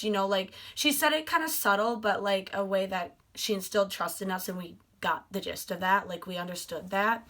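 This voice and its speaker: A young woman vlogger telling a story with gushing excitement, full of fillers. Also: medium pitch, normal speed, hardly any pauses. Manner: gushing, animated, many fillers like "like".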